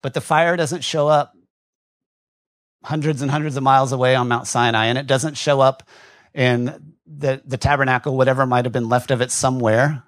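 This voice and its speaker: A man's voice: medium pitch, fairly even intonation, brisk, no echo. A male pastor giving a conversational sermon in a church, joking with the congregation now and then, his voice wearing thin. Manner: conversational, asides and jokes to the congregation. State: losing his voice. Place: church hall.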